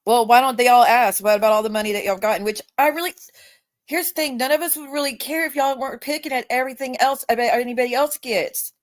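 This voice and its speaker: A woman's voice: fairly high pitch, fast talker. A woman hosting a live stream in casual chat, blunt and emphatic, swearing freely. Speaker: livestream host.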